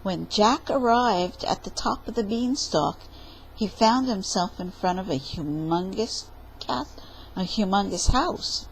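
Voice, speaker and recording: Storytime reader, woman, playful, unhurried, breathy tone. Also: mid-range voice, poor audio. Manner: playful, expressive narration. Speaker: library storyteller. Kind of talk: storytime read-aloud.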